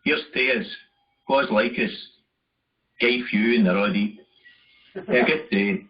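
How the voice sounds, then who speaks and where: Slow man reading phrases. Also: lowish voice. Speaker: narrator of a language video. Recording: muffled video playback.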